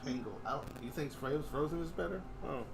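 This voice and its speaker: A man's voice: a little high, quick pace, gravelly. A young man chatting casually on a live stream, joking around and drifting into mock voices. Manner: jokey, breaks into silly sung bits and mock voices. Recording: music playing behind the voice.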